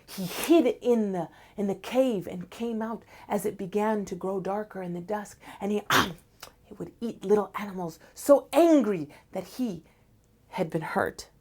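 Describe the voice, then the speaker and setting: A woman telling a folktale aloud in an expressive, dramatic way, at times dropping to a hushed tone. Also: mid-range voice, a little slow, a little hiss or hum. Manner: expressive, dramatic, drops to soft hushed tones. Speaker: storyteller. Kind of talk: oral folktale storytelling.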